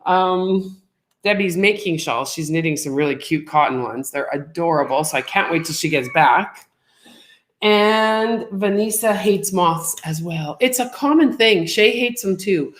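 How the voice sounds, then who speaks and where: A woman's voice: on the low side, animated, unhurried. A middle-aged woman co-hosting a livestream, chatting casually and reading out viewer comments. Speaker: co-host of a livestream show. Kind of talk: casual chat.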